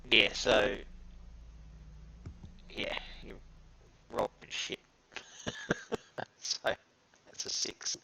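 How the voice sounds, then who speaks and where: A man narrating as game master, halting with many fillers as he describes the scene. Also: bright, forceful tone, a little hiss or hum, poor audio.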